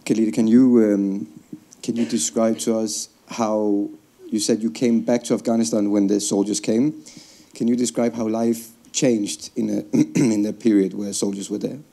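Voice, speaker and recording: A man moderating a school talk, asking measured questions with occasional fillers. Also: lowish voice, level tone, mellow.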